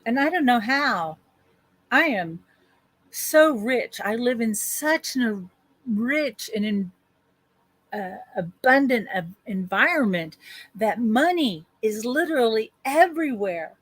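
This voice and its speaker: Woman coach leading slow spoken affirmations. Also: fairly high pitch, animated, no echo. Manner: slow, drawn-out spoken affirmations with repeated phrases. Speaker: life coach. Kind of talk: guided affirmation session on a group call.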